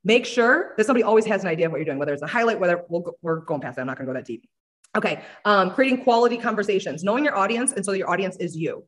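A team leader gives an upbeat motivational talk over a video call, coaching her listeners. She speaks extremely fast, firing line after line at a medium pitch. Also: expressive. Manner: rapid-fire, upbeat, coaching. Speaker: network marketing team leader. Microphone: video call audio.

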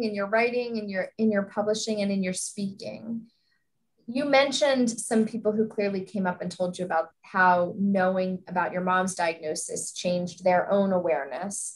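A woman's voice: medium pitch, poor audio. A woman moderating a panel, asking long, thoughtful questions while searching for her words.

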